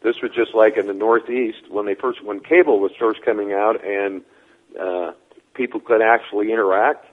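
Low, husky man on a phone line. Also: fairly even intonation. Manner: measured, deliberate storyteller. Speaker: guest, former wrestling figure. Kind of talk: interview storytelling. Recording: tinny phone-line call-in.

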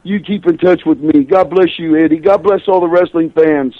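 An older man spinning chatty stories as a radio guest, laughing as he goes. His voice sits a little high for a man. The line sounds dull and muffled, dry and close. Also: steady tone, moderate pace, dry recording. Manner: chatty storyteller, laughs through his tales. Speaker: guest, professional wrestler. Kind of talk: radio interview storytelling.

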